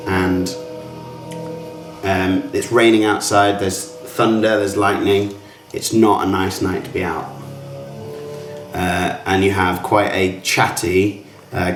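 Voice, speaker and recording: A man's voice: low-pitched, recorded from a distance. A man narrating as game master for a tabletop game, reading grandly and using fillers. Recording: roomy sound with faint music.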